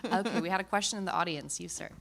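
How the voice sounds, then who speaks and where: Low, gravelly woman moderating a panel. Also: fairly bright tone, a little hiss or hum. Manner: casual, halting, lots of ums. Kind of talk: moderating audience questions. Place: convention panel stage.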